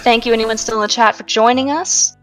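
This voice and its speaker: A woman's voice: a little high, fairly even intonation, fairly quick, soft background music. A woman acting as game master, chatting casually and laughing easily as a tabletop session wraps up. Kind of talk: casual post-game chat.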